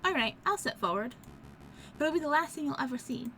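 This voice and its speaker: A woman's voice: high voice, animated, fairly quick, pushed and bright, a little hiss or hum, full character voice. A woman voicing a threatening male thug in a game. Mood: menacing.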